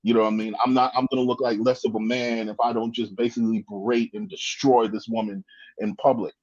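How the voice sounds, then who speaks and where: A man with a medium-pitched voice talks as a guest in a casual chat, restarting often and leaning on "you know what I mean." The sound is dull and lo-fi. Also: little pitch movement, fast, darkish tone.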